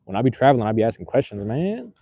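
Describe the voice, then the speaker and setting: A man holds his phone and live-streams from the street, talking to viewers in a slangy, wandering way with plenty of fillers and false starts. His mid-range voice is warm and husky, swings widely in pitch, and comes out rapid-fire. The audio is dull.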